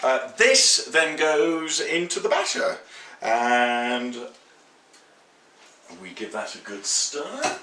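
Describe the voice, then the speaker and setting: A man's voice: on the high side, big pitch swings, drawn-out words, long pauses, bright, forceful tone, a little hiss or hum. A man hosting a casual cooking demonstration, chatty and self-mocking with playful asides, heard in a kitchen. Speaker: home cooking host. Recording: roomy kitchen echo, distant mic.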